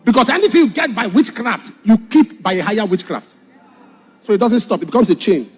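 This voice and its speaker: Brief: high-pitched male preacher, impassioned, husky, over soft background music. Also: very animated, fairly quick. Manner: impassioned, shifts from shouted warnings to hushed storytelling. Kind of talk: sermon.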